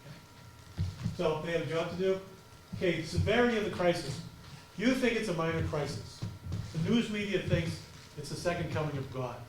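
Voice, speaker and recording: A man giving a conference talk on crisis communications, speaking fast and passionately. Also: fairly high pitch, noisy background. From United States. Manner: fast, passionate, animated delivery. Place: auditorium. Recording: echoey auditorium from far off.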